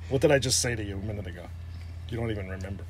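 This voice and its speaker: A man's voice: on the low side, very fast, slight background noise. A man, co-hosting a casual beer tasting chat, joking and explaining beer styles at length. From New Jersey. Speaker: beer vlog co-host.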